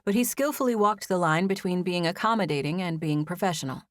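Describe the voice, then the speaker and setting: This audiobook narration of a first-person novel comes from a woman whose fairly low voice stays even and measured as she tells the story. The sound is dry, from a close studio mic.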